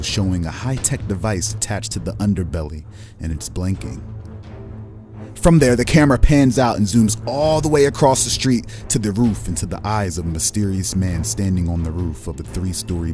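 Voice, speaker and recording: A low-voiced man runs a tabletop game as game master, calling out shots and scenes like a film director. He narrates in a steady, descriptive manner. Faint music plays under his voice. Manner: cinematic, descriptive scene-setting.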